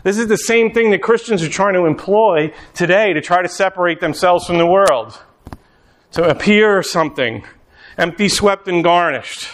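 Man, high voice, animated sermon, storytelling, shouts at times. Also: normal speed. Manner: animated storytelling, acts out scenes, rising to shouts. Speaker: pastor.

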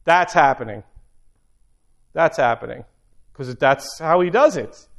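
A man's voice: on the high side, expressive, unhurried, vocal fry, pauses often. A middle-aged man preaching an informal sermon, talking conversationally and repeating phrases for emphasis.

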